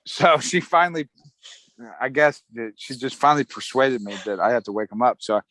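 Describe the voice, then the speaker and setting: A man's voice: mid-range voice, fairly quick, no room sound, poor audio. A middle-aged man, an Army veteran, telling his story casually in an interview, acting out other people's lines with a chuckle. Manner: relaxed, chuckling, acts out quotes of others.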